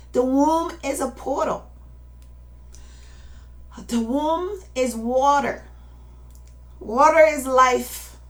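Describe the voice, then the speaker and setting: A woman's voice: on the high side, fairly bright tone. A woman in her late fifties giving an impassioned, emotional personal testimony and urging listeners to act. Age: 50s. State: emotional, near tears at times. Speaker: activist speaking to viewers.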